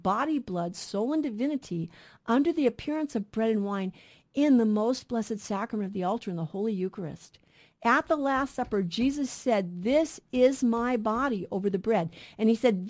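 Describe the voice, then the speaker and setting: A woman's voice: fairly high pitch, darkish tone. A middle-aged woman co-hosting a radio Bible program, teaching in an earnest way and asking and answering her own questions.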